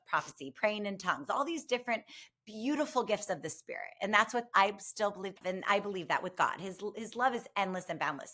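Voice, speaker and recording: Bright, lively woman telling a story. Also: mid-range voice. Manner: animated, expressive storytelling with many asides. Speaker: guest, medium and grief counselor. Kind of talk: conversational podcast storytelling.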